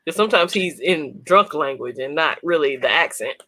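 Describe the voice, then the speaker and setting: Expressive woman co-host of a tech podcast. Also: deep voice, normal speed, dry recording. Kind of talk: casual tech podcast chat.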